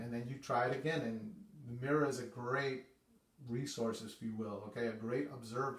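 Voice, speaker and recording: A man's voice: mid-range voice, fairly even intonation, normal speed. A man teaching a casual music lesson on conducting, chatty and repetitive, often checking in with "okay". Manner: chatty, repeats itself, says okay often. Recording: echoey room, mic at a distance.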